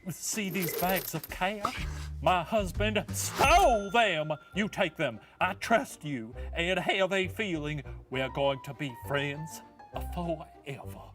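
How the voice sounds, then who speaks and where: A man voicing a sad, wealthy Southern lady with a dark secret, in an overwrought, self-pitying put-on Southern drawl. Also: high voice, expressive, slow pace, music in the background, voice pushed down. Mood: mock despair.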